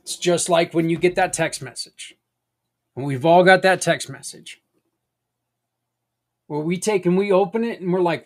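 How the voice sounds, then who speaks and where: A podcast host with a medium-pitched voice talks at normal speed in a casual monologue, pausing often. Earnest and encouraging, he's folksy and rambling, wandering off on tangents and swearing mildly.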